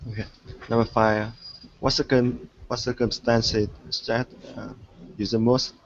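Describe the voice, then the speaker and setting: Guy student, flat slow voice, keeps saying um, muffled online call. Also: medium pitch. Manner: halting, many fillers. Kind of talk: answering in an English class.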